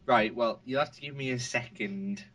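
Teasing podcast co-host. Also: male voice, mid-range voice, steady tone, normal speed, fairly bright tone, dry recording. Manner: teasing, contrary banter. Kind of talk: casual chat.

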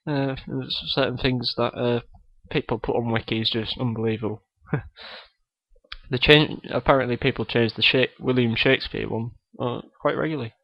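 Hesitant podcast host. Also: male voice, mid-range voice, fairly even intonation, no room sound. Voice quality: hesitant, full of ums and pauses. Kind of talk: comedy podcast interview. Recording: dull lo-fi recording.

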